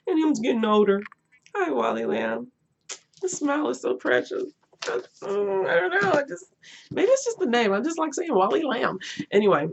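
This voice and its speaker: A middle-aged woman chats about books in a gushing, rambling way. Her voice has a gravelly fry, and the home recording sounds dull and lo-fi. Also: low voice, a little mellow. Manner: chatty, gushing, laughs often. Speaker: book vlogger. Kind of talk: casual chat.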